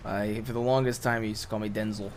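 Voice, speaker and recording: A man streaming a game role-play who rambles in a halting way and turns husky when he talks quietly. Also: lowish voice, flat delivery, a little hiss or hum. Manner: rambling, halting, restarts a lot.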